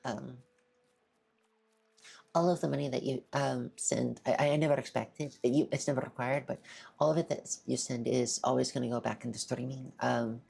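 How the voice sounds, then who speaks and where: A woman streamer in casual live-stream chat, soft-spoken, shy and stammering as she thanks her viewers. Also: very deep voice, fairly even intonation, moderate pace, creaky, husky.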